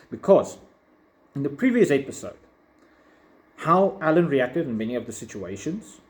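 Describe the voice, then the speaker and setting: A man's voice: mid-range voice, a little mellow. A man giving a casual, opinionated video review, rambling with frequent fillers. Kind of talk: casual commentary.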